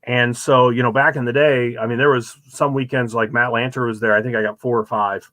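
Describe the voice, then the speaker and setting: A man as a guest on a show, telling rambling, animated stories full of ums and uhs. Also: medium pitch, brisk, no echo. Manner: rambling, many fillers, animated storytelling. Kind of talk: casual chat, anecdotes.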